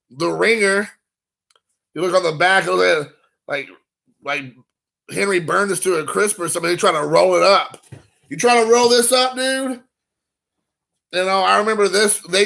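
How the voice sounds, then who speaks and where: Casting: rambling, excitable male streamer, gravelly edge, bright tone, chatting to viewers. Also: high-pitched. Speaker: card collecting channel host. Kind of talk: casual live stream chat.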